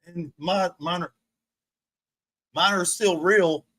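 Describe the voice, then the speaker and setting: A man with a high, slightly bright voice streams from a rolling recliner indoors, speaking slowly. He rants and mocks someone, swearing and laughing often.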